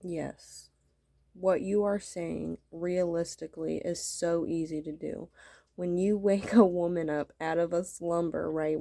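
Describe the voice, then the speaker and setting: A woman's voice: fairly low pitch, gravelly, darkish tone, no echo. Profane, irritated woman ranting, dry sound. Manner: angry, heavily profane, repeats herself. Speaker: vlogger. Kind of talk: casual storytelling rant.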